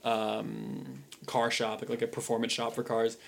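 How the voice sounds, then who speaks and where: A young man chats casually as a podcast co-host, wandering from thought to thought with plenty of "like" and "um". His voice sits in an ordinary middle pitch. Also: monotone, unhurried, gravelly. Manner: rambling, lots of "like" and "um" fillers. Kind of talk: casual chat.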